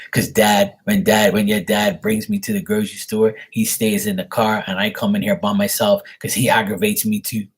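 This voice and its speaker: A man quoting his grumpy older mother in a husky voice, with a hint of mimicry. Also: lowish voice, lively intonation, normal speed, exaggerated voice. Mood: fed up.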